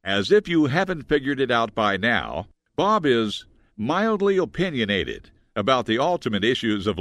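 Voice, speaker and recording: A man reading a scripted radio promo as the show's announcer, repeating the call-in details slowly. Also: medium pitch, fairly bright tone, no room sound. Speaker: show announcer.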